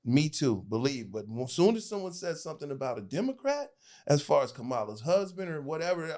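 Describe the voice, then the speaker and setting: A man appears as a podcast guest in a casual political chat, animated and laughing, showing a talent for mimicking voices. His voice is on the high side and he talks a little fast.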